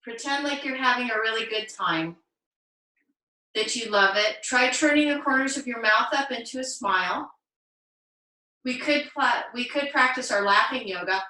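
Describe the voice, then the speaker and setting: A woman teaching a live online yoga class, cueing poses gently and encouragingly with playful asides. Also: fairly high pitch, moderate pace, reverberant, recorded from a distance, poor audio. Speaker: yoga instructor. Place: home room, on a video call.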